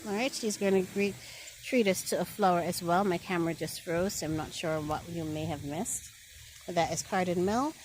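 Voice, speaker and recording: A woman filming a casual walkthrough of her rose garden, talking straight to her viewers and gushing with excitement over each plant. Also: lowish voice, moderate pace, a little hiss or hum. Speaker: garden vlogger. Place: outdoor garden.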